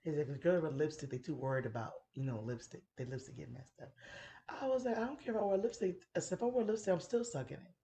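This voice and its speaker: Speaking quickly in a low, mellow voice, this podcast host in her thirties tells a candid, foul-mouthed story on a casual chat show. She sounds animated and playful, breaking into laughter often, over a slight hiss or hum.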